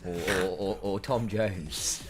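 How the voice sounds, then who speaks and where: A man's voice: low-pitched, slow pace, over music. A man from England, an esports co-commentator joking around in casual banter. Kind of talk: casual chat during a stream break.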